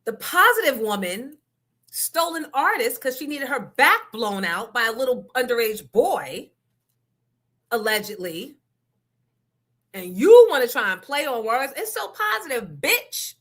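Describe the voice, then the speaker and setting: A woman's voice: fairly high pitch, big pitch swings, a little slow, a bit bright. A woman host ranting to her listeners in a blunt, profane, confrontational way. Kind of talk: casual rant to listeners.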